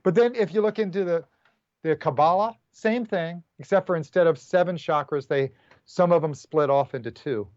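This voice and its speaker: A man's voice: fairly high pitch, normal speed, no room sound. Male guest teacher, loose and encouraging, muffled dry call audio. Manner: relaxed, rambling, encouraging. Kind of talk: casual spiritual talk.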